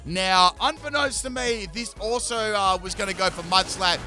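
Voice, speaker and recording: A man's voice: high voice, moderate pace, music in the background. A young man hosting a gaming channel, giving chatty, joking commentary over his battles. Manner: chatty, joking, self-mocking asides. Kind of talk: casual game commentary voice-over.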